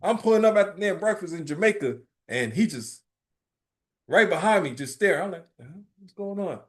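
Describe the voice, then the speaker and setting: Teaching a religious class, this man uses an informal, emphatic preaching style and lively streetwise anecdotes, repeatedly asking "right?" His voice sits high and runs a little fast.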